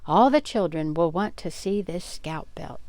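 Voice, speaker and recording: A woman's voice: on the low side, a little slow, no room sound. An older woman voicing a bold, teasing schoolboy full of schemes, in a storybook read-aloud. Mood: excited. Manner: excited, bossy, teasing.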